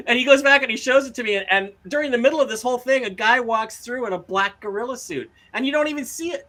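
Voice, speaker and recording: Male co-host, lively raconteur, bright tone, slightly high pitch. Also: fast talker, hardly any pauses. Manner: animated, acts out quotes in raised voices. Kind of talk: casual storytelling chat.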